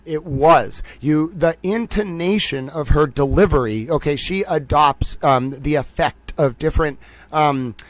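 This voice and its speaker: A man with a Boston accent hosting a commentary stream, talking fast and digressively with lots of fillers and restarts. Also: fairly high pitch. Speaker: commentary livestream host. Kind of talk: casual analytical commentary.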